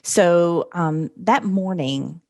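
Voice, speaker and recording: A woman in her fifties, a podcast guest, telling a personal story in an earnest, vivid, unhurried way. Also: lowish voice, warm tone.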